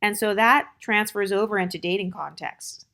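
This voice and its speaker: A woman's voice: mid-range voice, fairly even intonation, moderate pace, bright, forceful tone. An American woman hosting her channel, giving dating advice in a blunt, opinionated, chatty monologue full of fillers. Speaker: channel host.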